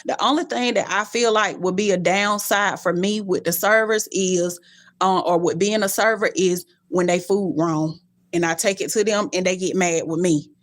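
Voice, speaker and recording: A young adult woman live-streaming to her viewers, telling stories animatedly, cussing bluntly and jumping in pitch. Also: fairly even intonation, moderate pace.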